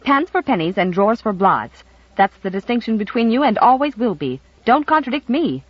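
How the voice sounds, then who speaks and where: An audiobook reader voicing a nosy, scolding old grandmother who talks in a sharp, blunt way. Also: mid-range voice, sing-song, normal speed, no room sound, muffled recording. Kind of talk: audiobook character voice.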